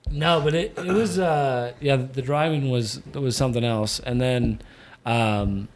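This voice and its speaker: A man's voice: medium pitch, a little slow, a little hiss or hum. A young man hosting a podcast, chatting casually and rambling with lots of restarts. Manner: rambling, many restarts and fillers. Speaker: podcast host. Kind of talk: casual chat.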